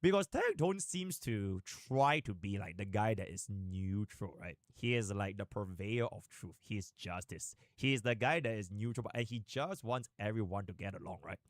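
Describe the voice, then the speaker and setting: A male live streamer chats to his audience in an animated, rambling way. His pitch swings widely from line to line, and he breaks into sudden fast bursts. The sound is dry and close. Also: no room sound. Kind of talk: casual live-stream chat.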